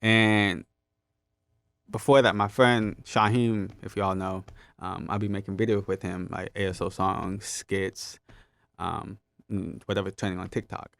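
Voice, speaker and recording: A young man talks in a relaxed, easygoing way, often slipping into quoted voices of friends and coworkers. His voice sits low and is recorded close and dry, with no room sound. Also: measured pace, gravelly, no echo. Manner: laid-back, laughs often, quotes others in animated voices. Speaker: podcast guest. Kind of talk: casual storytelling.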